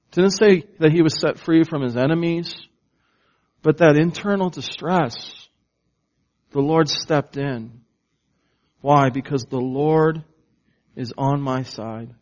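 A man preaching a sermon at an unhurried, deliberate pace, leaning hard on key words and pausing for the congregation. His voice sits a little high for a man, and the recording sounds dull and lo-fi. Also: a little mellow. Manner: slow, emphatic preaching with call-and-response questions. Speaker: pastor.

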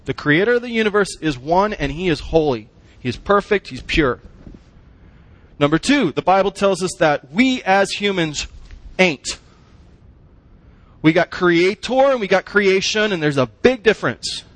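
A man's voice: high-pitched, animated, unhurried, fairly bright tone, no echo. A man preaching a sermon, emphatic, using short punchy phrases and asking the congregation questions. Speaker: pastor.

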